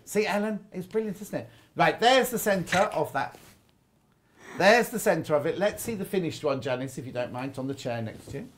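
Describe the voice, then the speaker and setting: A man's voice: fairly high pitch, animated, moderate pace, fairly bright tone, a little hiss or hum. A man presenting live on a shopping channel, chatty and rambling, teasing his guest. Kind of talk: live TV sales chat.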